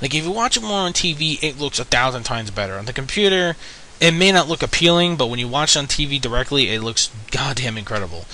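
A man's voice: mid-range voice, expressive, fast talker, sharp tone, poor audio. Rambling young man reviewing anime. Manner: rambling, frequent fillers and profanity. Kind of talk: casual video review.

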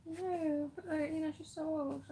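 A young woman speaking quietly and softly off to the side at home. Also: high voice, steady tone, normal speed, a little hiss or hum.

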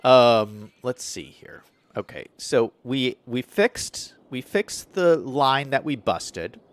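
Speaking slowly with lively intonation, a man thinks aloud while planning in a city-building game he's streaming, often correcting himself mid-sentence in casual commentary. His voice is mid-range, and there's no echo.

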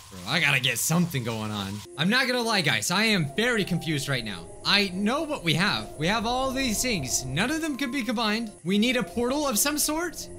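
A man playing a horror game and commenting as he goes, thinking aloud and getting loudly frustrated. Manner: excitable, thinks aloud, swings between mutters and high yelps of frustration. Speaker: gaming YouTuber. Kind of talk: let's play commentary.

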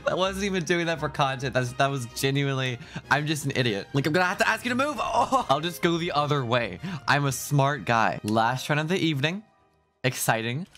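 A young gaming YouTuber with a mid-range, fairly bright voice provides let's play commentary, mocking himself, laughing often, and letting out yelps of alarm.

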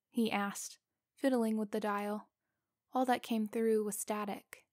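A woman reads a suspense story aloud at a slow, measured pace, in a mid-range voice. The sound is dry and close to the mic, with no room around it. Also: medium pitch, steady tone, darkish tone, no room sound. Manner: slow, deliberate, suspenseful reading. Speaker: story narrator. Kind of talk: scripted story narration.

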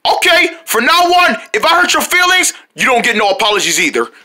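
A touchy pet fox in a homemade skit whines and sulks over every slight, played by the same person who narrates. The voice is bright and sharp, and it swings widely up and down in pitch. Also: big pitch swings, brisk. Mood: sulky. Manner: whiny and easily offended.

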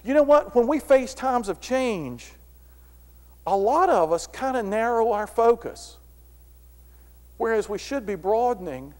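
A man's voice: very high-pitched, a little slow, long pauses. A middle-aged man giving a motivational philosophy talk to an audience, telling stories and acting out the dialogue. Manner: animated storyteller, acts out dialogue. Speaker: philosophy speaker. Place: large room before an audience. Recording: long hall reverb.

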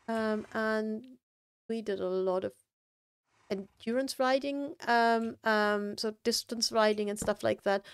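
A woman live-streaming a game, chatting with her viewers in a slow, relaxed way and thinking aloud with plenty of ums. Her voice sits a bit high, and the close microphone sounds dry, with no room sound. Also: clean tone, no echo. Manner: chatty, thinks aloud, answers chat, many fillers. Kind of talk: casual live-stream chat.

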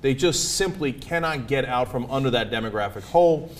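A man hosting a political commentary show, talking fast and mocking his targets with put-on voices. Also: mid-range voice, slight background noise. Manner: animated, mocking impressions, laughing. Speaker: host.

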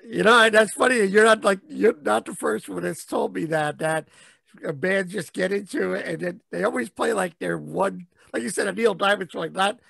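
A man hosting a podcast interview in casual chat, excitable and cursing freely. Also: high voice, moderate pace, vocal fry, breathy edge, dry recording. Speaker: podcast host.

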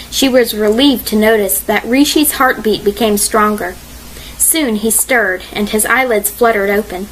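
A woman narrating a mystery audiobook in a measured, expressive reading style. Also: mid-range voice, slight background noise, low-quality recording.

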